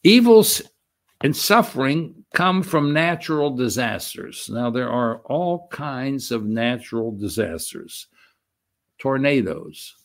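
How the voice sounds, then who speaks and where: An older man preaching a sermon, reading scripture aloud with slow, emphatic stress and explaining it in a halting way with many restarts. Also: mid-range voice, big pitch swings, creaky. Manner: unhurried, halting with frequent restarts and fillers; reads quoted verses with slow emphatic stress. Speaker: pastor.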